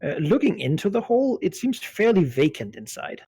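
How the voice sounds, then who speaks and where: A man's voice: high voice, sing-song, fairly quick, mellow, breathy edge, no room sound. A man narrating a tabletop game as game master, hesitant and full of fillers.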